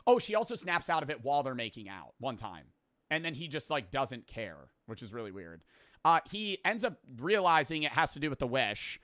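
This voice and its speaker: Bright, crisp-voiced man recapping casually. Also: mid-range voice, very animated, brisk, dry recording, studio quality. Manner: rambling, profane plot recap with filler words. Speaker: podcast host. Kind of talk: casual storytelling.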